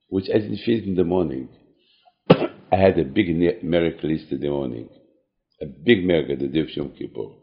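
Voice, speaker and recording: A man giving an earnest short talk to a congregation, repeating his phrases and restarting halting sentences. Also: low-pitched, creaky. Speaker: cantor and speaker. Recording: dull lo-fi recording.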